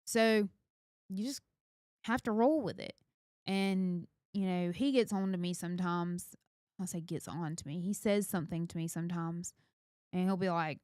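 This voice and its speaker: A woman's voice: fairly low pitch, fairly even intonation, normal speed, darkish tone, clear, resonant tone, no room sound, studio quality. A woman, earnestly giving parenting advice on a casual podcast. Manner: earnest, advice-giving, speaks directly to listeners. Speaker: podcast co-host.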